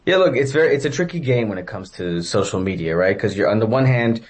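A man speaking as an educator and interview guest, answering in measured, structured points with frequent uh and um. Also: lowish voice, animated. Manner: measured, many fillers.

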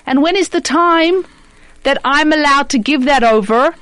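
A woman discussing marriage through religious teaching, expressive and acting out imagined voices. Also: high voice, normal speed, no room sound, low-quality recording.

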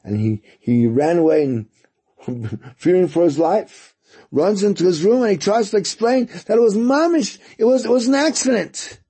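A male radio host telling a moral story in a Torah talk, halting and repeating words as he goes. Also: sits high, lively intonation, warm tone, breathy edge.

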